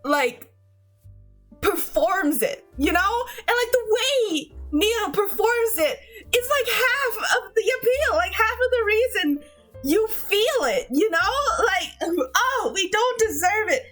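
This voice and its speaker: High-pitched woman streamer gushing to chat, lots of giggles and cussing, voice bouncing all over, faint music behind. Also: expressive, takes it slowly, a bit bright. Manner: giggly and gushing, swears, many restarts. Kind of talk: casual chat with viewers.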